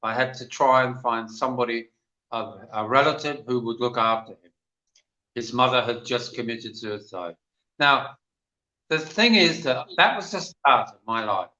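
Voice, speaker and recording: A man's voice: medium pitch, normal speed, pushed and bright, roomy sound, highs cut off. An older man with an English accent, telling rambling stories as a guest on a livestream panel chat. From England. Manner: chatty, rambling storyteller.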